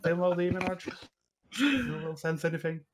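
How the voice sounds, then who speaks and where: A man's voice: sits high, animated, normal speed, noisy background. A man playing a tabletop game, muttering while he checks and reports his rolls. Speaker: player. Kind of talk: tabletop role-play, reporting dice rolls.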